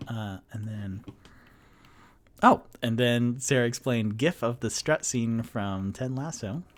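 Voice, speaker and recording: A man hosting a solo tabletop game stream, casually reading viewer comments aloud and joking while he stalls. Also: medium pitch. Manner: chatty, laughing, stalling while reading chat. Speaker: host and dungeon master. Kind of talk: casual live-stream chat.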